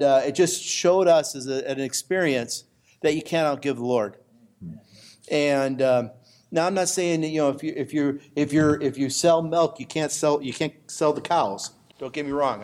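A middle-aged man telling a business story on a panel, rambling and restarting with many fillers. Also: mid-range voice. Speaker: business owner sharing testimony.

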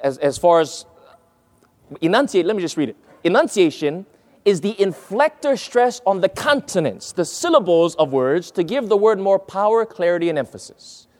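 A man's voice: high voice, expressive, normal speed, darkish tone. A man preaching a sermon-style lesson on speaking, emphatic and earnest, putting questions to his listeners and stretching key words.

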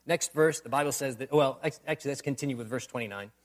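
A man's voice: mid-range voice, fast. A man preaching a sermon, building to emphatic bursts and repeating refrains. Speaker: pastor.

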